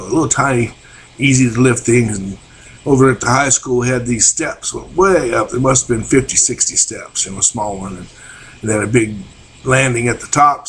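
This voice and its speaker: Older man, folksy rambling storyteller, webcam mic, faint hiss behind. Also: medium pitch. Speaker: vlogger. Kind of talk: casual storytelling.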